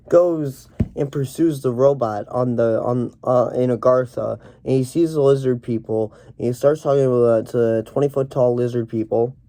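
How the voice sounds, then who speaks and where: A young man rambling through a deadpan parody movie review, full of halting restarts and fillers. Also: medium pitch. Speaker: comedic reviewer.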